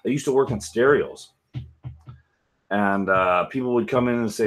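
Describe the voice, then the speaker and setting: A man's voice: fairly low pitch, normal speed, long pauses. A man hosting a casual whisky chat at home, rambling and joking with frequent laughs. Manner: rambling, jokey, loud laughs. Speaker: whisky channel host.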